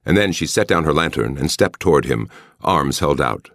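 A man narrating an audiobook in a measured, expressive way. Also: very deep voice, dry recording, studio quality. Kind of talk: scripted narration.

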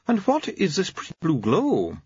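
A man's voice: sits high, huge pitch swings, moderate pace, a little mellow, slightly rough, no room sound, voice pushed up, exaggerated voice. A man voicing a fussy, patronizing male doctor, in a condescending tone on a dull, lo-fi recording.

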